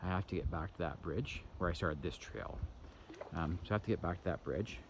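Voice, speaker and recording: A very low-voiced man from Canada rambles casually about what he sees as he walks an outdoor lakeside trail. It is a dull, lo-fi handheld recording. Loud outdoor noise sits under his voice throughout. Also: brisk. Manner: rambling, chatty, narrates what he sees while walking. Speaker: hiking vlogger. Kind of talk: casual walking commentary.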